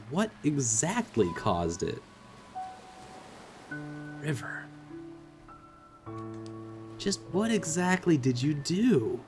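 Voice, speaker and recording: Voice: mid-range voice, a little mellow. Chill let's play host, jokey, swears a lot, bouncy voice, faint game music. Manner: casual, jokey, laughs and swears freely. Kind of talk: let's play commentary, reading game dialogue aloud.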